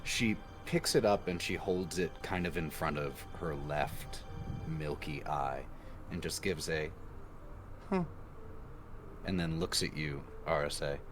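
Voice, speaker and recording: A man as a player, narrating his character's actions in a relaxed, unhurried way. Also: rumbling low, over music.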